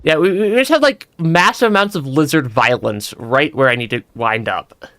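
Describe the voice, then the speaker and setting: A man's voice: mid-range voice, moderate pace, a bit bright, dry recording. A young man giving casual let's-play commentary, stammering and restarting often and laughing between remarks. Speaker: streamer.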